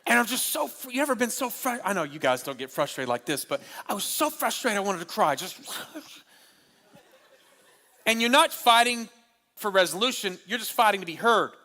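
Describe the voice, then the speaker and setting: Bright-voiced preacher in a reverberant hall. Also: male voice, sits high, normal speed. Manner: animated, humorous preaching with repeated key lines. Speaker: pastor. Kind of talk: sermon at a marriage conference.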